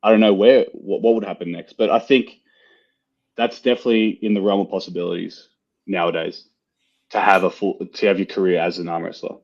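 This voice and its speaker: A man's voice: sits low, fairly even intonation, brisk. A man with an Australian accent, a guest arm wrestler chatting casually, laid-back, swearing freely and laughing often. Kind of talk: casual chat. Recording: dull lo-fi sound.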